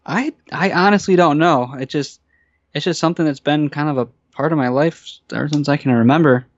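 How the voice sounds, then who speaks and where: A man's voice: fairly high pitch, brisk, no echo. Hesitant man on a dull line. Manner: hesitant, many fillers and restarts. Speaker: guest caller. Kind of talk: casual interview chat.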